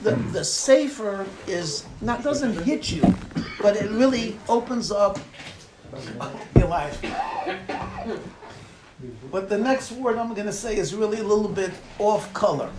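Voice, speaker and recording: Rabbi, male, high voice, storyteller who laughs often; echoey room with a noisy background. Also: unhurried, pauses often, a loud crowd. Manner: storytelling, laughing, quoting in a rising voice. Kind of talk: farbrengen talk.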